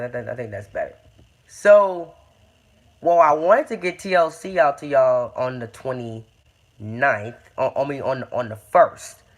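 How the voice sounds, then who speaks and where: A young man giving a rambling casual update on his video series, full of fillers and restarts. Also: mid-range voice. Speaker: YouTube game-series creator.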